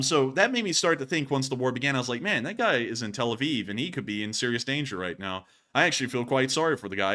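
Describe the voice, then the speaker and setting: A man's voice: mid-range voice, bright, forceful tone. A man with a Southern US accent hosting a casual news livestream, rambling with many fillers as he thanks donors. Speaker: host of a war news livestream.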